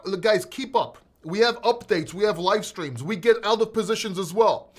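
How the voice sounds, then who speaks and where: A man's voice: sits high, moderate pace, hardly any pauses. A man hosting a casual crypto livestream, reading chat aloud in a talkative, blunt way and swearing freely.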